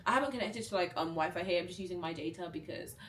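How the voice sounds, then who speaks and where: A woman's voice: fairly low pitch, rapid-fire. Young female vlogger, chatty storyteller who acts out quotes, recorded a bit far from the mic in a roomy space with faint ambience. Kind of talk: storytime vlog.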